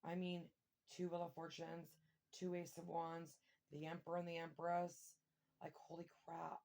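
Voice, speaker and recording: A woman giving a casual tarot reading, thinking aloud and breaking into excited exclamations and mild swearing. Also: lowish voice, moderate pace, vocal fry. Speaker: tarot reader.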